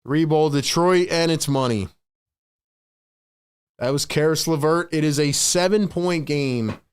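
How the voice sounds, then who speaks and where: A slightly high-voiced man calls a basketball game live for his fan stream. He runs through the plays quickly, then breaks into exasperated rants and heavy sighs. His talk is loose and casual, full of "man" and "bro". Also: clear, resonant tone. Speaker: host doing live play-by-play.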